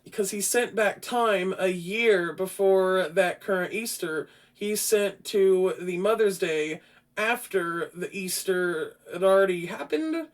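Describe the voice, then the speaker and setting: Man, podcast host, high voice, profane, rambling, casual film review. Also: slow pace. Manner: profane, rambling, frequent restarts; grows loud and animated.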